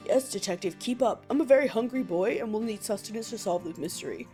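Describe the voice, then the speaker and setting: A woman's voice: mid-range voice, fast talker, dark tone, soft background music, natural voice. A woman voicing a pompous, bossy lobster detective in a game. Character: pompous male lobster detective, self-important.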